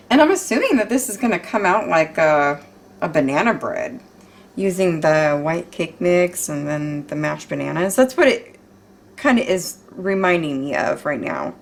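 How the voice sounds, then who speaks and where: A woman's voice: deep voice, lively intonation, normal speed, gravelly. Woman, home baking vlogger, casual cooking chat, chatty, profane, exclamatory, kitchen.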